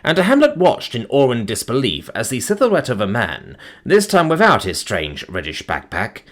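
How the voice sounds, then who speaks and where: A man narrating a story in a measured, expressive storytelling manner. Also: mid-range voice.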